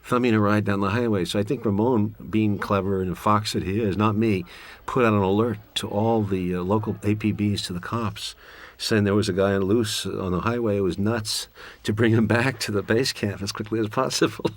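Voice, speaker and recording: A man with a deep voice talks through a film in a director's commentary. He rambles from story to story, candid and a little wry. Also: steady tone, normal speed.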